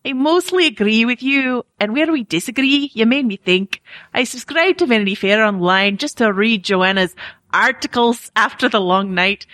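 A woman's voice: fairly high pitch, normal speed, a bit bright, lightly acted. A woman putting on a hammy Scottish burr. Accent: put-on Scottish. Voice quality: exaggerated rolling burr. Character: reviewer read in a hammy put-on Scottish burr.

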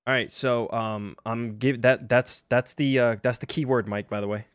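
A man's voice: medium pitch, fairly even intonation, normal speed, clean tone, no echo, studio quality. A young man hosting a casual livestream, chatty and self-deprecating, with lots of fillers. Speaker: livestream host.

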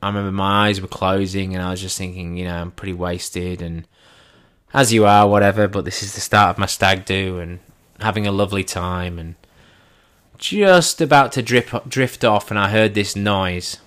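A man telling a first-person anecdote in an animated way, acting out his own lines and his friends' lines as he goes. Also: low-pitched, moderate pace, clear, resonant tone. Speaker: storyteller.

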